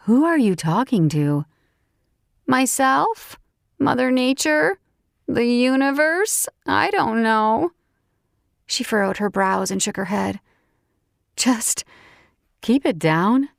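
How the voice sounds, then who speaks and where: A woman narrating a first-person audiobook, expressive and animated when voicing her own character's lines. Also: on the low side, vocal fry, no echo, clean studio sound.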